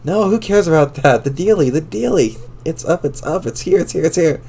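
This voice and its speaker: A man reading out a chat log, voicing an excitable, flustered teen girl in a high squealing voice. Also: normal speed. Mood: frantic excitement. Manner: squealing, stammering, shouting in a pitched-up voice.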